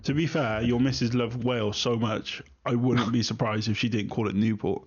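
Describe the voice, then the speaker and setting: A man's voice: mid-range voice, steady tone, moderate pace, slightly rough. A man co-hosting a casual podcast, making teasing, wry asides. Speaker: podcast co-host. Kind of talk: casual banter, swearing. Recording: dull lo-fi.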